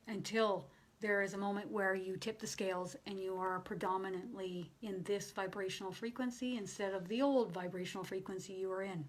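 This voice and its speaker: A woman's voice: mid-range voice, fairly even intonation, normal speed. Emotional woman medium channeling live. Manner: emotional, swings from bubbly laughter to soft hushed tones. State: near tears. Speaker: spiritual medium.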